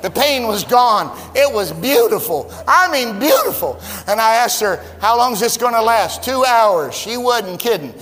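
A middle-aged man preaches a sermon in a high, tenor-range voice. He tells his story in a conversational way, then climbs into loud, fervent emphasis. The sound carries a long church-hall reverb. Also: expressive, unhurried, hardly any pauses. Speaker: pastor.

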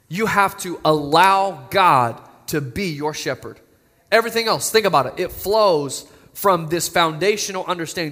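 A man preaching a sermon, building to emphatic, near-shouting appeals to the congregation. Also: a little high, moderate pace. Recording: long hall reverb.

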